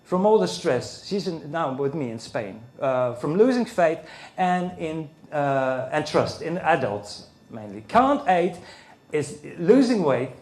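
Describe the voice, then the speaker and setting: A man's voice: a little high, slow. A man speaking at a conference, telling a personal story to an audience and acting out the voices of the people in it. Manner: animated storytelling, acting out the other people's lines. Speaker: speaker at a men's issues conference. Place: conference hall. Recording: roomy hall sound.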